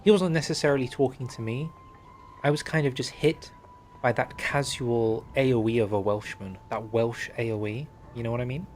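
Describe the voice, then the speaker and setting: A man's voice: medium pitch, moderate pace, slight background noise. A young man streaming and talking over a strategy game, chatty and wry, reading in-game text aloud. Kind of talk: game livestream commentary.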